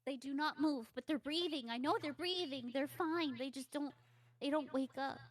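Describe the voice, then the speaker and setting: A woman voicing a frightened, soft-spoken lost little girl who stammers breathlessly in a tabletop game. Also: sits high, normal speed, pitched above the performer's own voice, natural voice.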